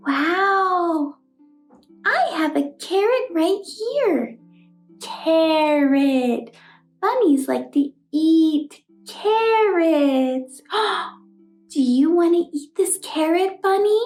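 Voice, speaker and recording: A woman leads a toddler learning video in a very high, lively sing-song voice, full of excited gasps. She stretches every word out very slowly. The recording has a roomy echo with faint music underneath. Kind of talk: slow, exaggerated speech to toddlers.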